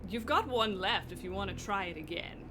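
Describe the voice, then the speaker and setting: A player voicing a confident female warrior who quietly taunts a companion in a tabletop game. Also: mid-range voice, lively intonation, normal speed, noisy background, natural voice. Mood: taunting.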